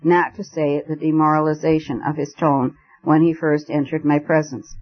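A man's voice: fairly high pitch, level tone, normal speed, lightly acted. A man reading the lines of a timid, nervous old country vicar, on a dull lo-fi recording. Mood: flustered. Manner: hesitant, nervous.

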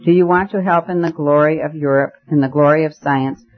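A man voicing a stern, excitable gentleman who speaks in a grave, declamatory way, on a muffled recording. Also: on the high side, brisk, lightly acted.

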